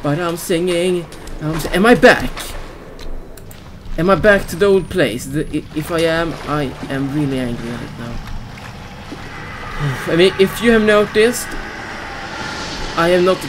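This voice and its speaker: A man giving let's play commentary on a horror game as a gaming YouTuber. He yells in fright at the game and cracks goofy jokes. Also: sits high, a little slow, long pauses, background noise.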